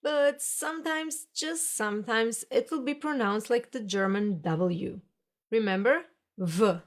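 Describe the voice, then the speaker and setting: A woman's voice: a little high, a little slow. A woman narrating a pronunciation lesson in a patient, explanatory teacher's way. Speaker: language teacher.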